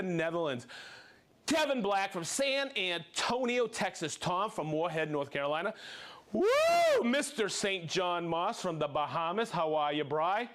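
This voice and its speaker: A man with a notably high voice hosts a live stream from a workshop studio. He is from South Florida and reads out viewers and where they are watching from, playful and upbeat, with bursts of whoops. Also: fairly bright tone. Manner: upbeat, playful, calling out names and places with whoops. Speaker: livestream host.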